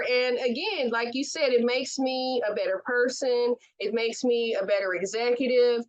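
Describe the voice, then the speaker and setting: A woman from Oakland hosting a casual chat, speaking with a slow drawl. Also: fairly high pitch, muffled recording. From Oakland, California. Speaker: host.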